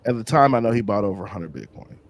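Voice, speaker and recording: Low, animated man telling stories. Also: fast talker, vocal fry. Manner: animated, slangy, acts out other people's lines. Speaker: interview guest. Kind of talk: casual storytelling.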